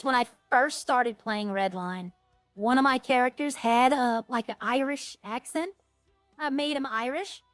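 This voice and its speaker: A woman's voice: fairly high pitch, a bit bright, dry recording. A woman streamer chatting casually while she plays, rambling and thinking aloud. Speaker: roleplay game streamer. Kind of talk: casual gameplay chat.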